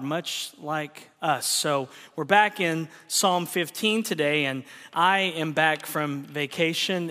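A man's voice: on the high side, bright, forceful tone. A pastor from Oklahoma preaching a sermon to his church, telling folksy, joking stories. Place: church sanctuary. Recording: reverberant church hall.

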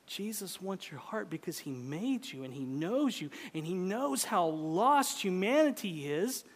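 Brief: male preacher, slow and deliberate, impassioned, long hall echo. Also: sits high. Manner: impassioned, swinging from loud to hushed. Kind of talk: sermon. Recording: echoey hall.

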